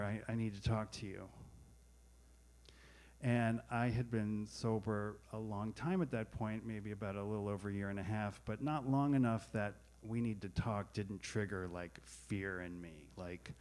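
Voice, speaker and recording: A man's voice: lowish voice, fairly even intonation, normal speed, darkish tone. A man telling a candid, wry personal story on stage at a live storytelling event, speaking into a stage microphone. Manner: candid, wry, self-deprecating.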